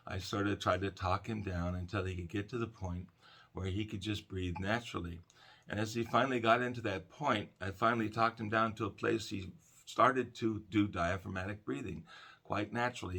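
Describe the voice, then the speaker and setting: A middle-aged man, a counselor, giving a calm, conversational self-help talk about breathing. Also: low voice, fairly quick, vocal fry.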